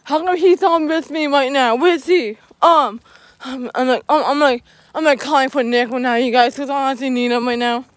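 A woman's voice: high voice, normal speed, dry recording. A woman vlogging while she walks alone outdoors, talking to her viewers in a jittery, rambling way and saying "you guys" over and over. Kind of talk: walking vlog talking to viewers.

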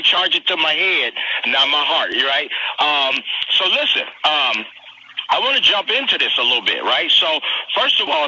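A man hosting a live streamed interview, talking in an energetic, slangy hype style and repeating himself a lot. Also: fairly high pitch, husky, rough recording. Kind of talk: hyped casual live interview.

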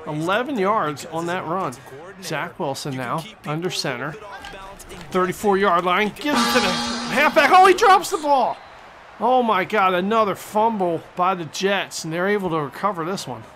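A man giving excitable, jokey play-by-play commentary over a football video game. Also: high voice, normal speed, music in the background. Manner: excitable and jokey, mock-announcer delivery. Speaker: gaming commentator.

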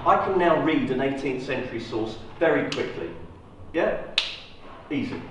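A man giving a university lecture, lively and asking the audience rhetorical questions. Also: medium pitch, moderate pace, background noise. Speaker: guest lecturer. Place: lecture hall. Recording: roomy echo, distant mic.

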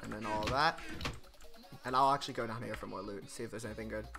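A man streaming gameplay, chatting casually, getting excited and laughing often. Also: on the low side, fast, vocal fry, music in the background. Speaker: gaming streamer. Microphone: desk microphone.

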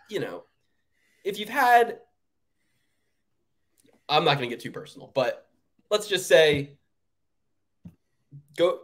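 A man co-hosting a sports betting podcast, ranting in casual, profane chat with sudden jumps up in pitch. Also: fairly bright tone. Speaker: podcast co-host.

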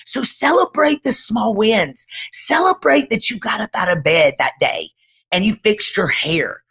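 A woman's voice: medium pitch, very animated, unhurried, a bit bright, husky. A middle-aged woman pastor giving a dramatic, emphatic testimony in conversation, driving her points home with repeated refrains. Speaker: pastor and guest speaker.

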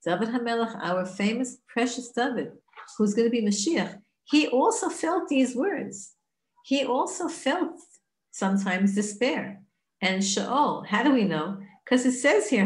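A woman's voice: mid-range voice, normal speed, reverberant. A woman giving an earnest, conversational Torah class, often asking rhetorical questions and restarting her sentences. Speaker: Torah teacher.

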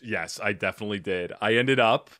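A man's voice: on the low side, a little fast, sharp tone, no room sound, clean studio sound. A man hosting a comedy advice podcast, chatting casually with a guest in a self-deprecating way. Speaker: podcast host. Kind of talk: casual interview chat.

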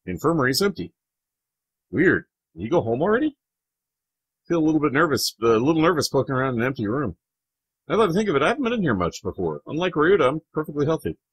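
Animated let's-play gamer man. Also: on the high side, quick pace, breathy edge. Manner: animated, joking, swears casually. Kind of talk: let's-play narration reading a visual novel.

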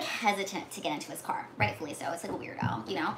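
A woman casually retelling a movie plot, talking with lots of "like"s and acting out the characters' lines in whispers and shouts. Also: mid-range voice, quick pace. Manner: animated, many "like"s, acts out lines in whispers and shouts. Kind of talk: casual chat. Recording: echoey room with faint noise.

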